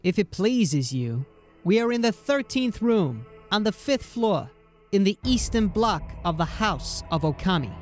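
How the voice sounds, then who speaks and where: A woman voicing a small, yellow-furred male creature guide in an audiobook, talking softly and musingly in a teasing way. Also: big pitch swings, a little slow, soft background music. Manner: soft, musing, with swooping pitch. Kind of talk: audiobook character voice.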